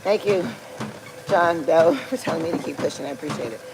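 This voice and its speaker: A woman's voice: low voice, expressive, fairly quick. Woman, 40s, casual livestream storytelling, rambling with fillers, laughs mid-sentence, noisy vehicle background. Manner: rambling, filler-heavy, laughs through talk. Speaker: vlogger.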